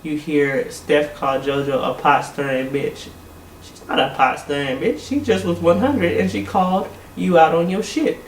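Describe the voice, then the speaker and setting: A man's voice: a little high, normal speed, distant mic, slight background noise. Blunt, exasperated man in an echoey room. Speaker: reality TV recap host. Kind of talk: casual opinionated recap.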